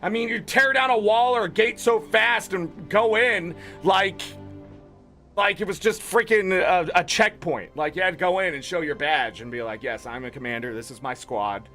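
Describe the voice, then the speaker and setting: A man's voice: high-pitched, normal speed, bright, forceful tone, faint music behind. A man giving blunt, opinionated commentary on game patch notes as a gaming content creator, swearing freely.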